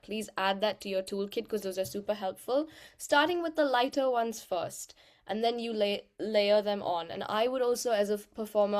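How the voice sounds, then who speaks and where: A woman, an actor and singer, giving a lively, encouraging voice workshop talk to an audience in a room. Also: mid-range voice. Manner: animated, encouraging, demonstrates vocal changes.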